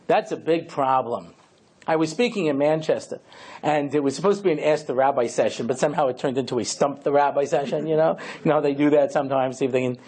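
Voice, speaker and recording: A man's voice: a little high, a little mellow. A man, a rabbi, giving a humorous lecture, telling stories with lots of conversational asides. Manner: storytelling with lots of you-know asides.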